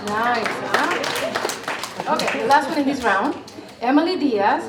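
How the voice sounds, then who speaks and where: A woman's voice: sits high, lively intonation, takes it slowly, pauses often. A woman presenting at a graduation ceremony, interpreting and reading out parents' messages in two languages. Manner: reads out parents' messages, switching between Spanish and English. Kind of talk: bilingual ceremony announcing. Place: large hall with crowd. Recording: roomy hall, distant mic, crowd noise.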